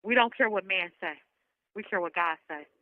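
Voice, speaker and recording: A woman survivor delivers an impassioned, emotional message to other women, rallying them with repeated calls while sounding close to tears. Her mid-range voice moves at a moderate pace. The recording is dry, dull and lo-fi.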